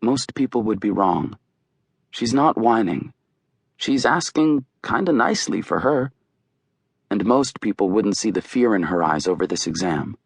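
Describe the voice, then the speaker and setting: A man's voice: on the low side, expressive, a little slow, creaky, slightly rough, no room sound. A man narrating an audiobook in a wry, conversational storytelling way. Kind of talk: scripted narration.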